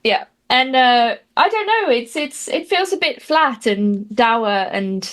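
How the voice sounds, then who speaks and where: Woman, fairly high pitch, dry wit, halting conversational guest. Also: animated, a bit bright. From Britain. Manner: dry, wry humor with many fillers and restarts. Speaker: guest commentator. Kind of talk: casual interview chat.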